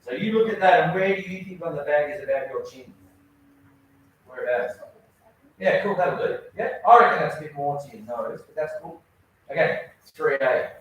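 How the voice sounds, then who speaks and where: A man's voice: fairly high pitch, animated, moderate pace, a bit bright, slight background noise. A man teaching a children's karate class, giving instructions and praising his students often. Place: indoor training hall. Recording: very echoey hall, mic far off.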